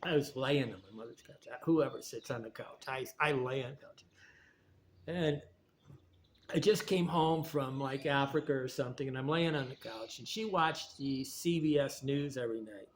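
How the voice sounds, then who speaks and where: A man's voice: medium pitch, moderate pace, slight background noise. A man talking in a rambling, digressive monologue, often restarting his sentences. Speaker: video essayist.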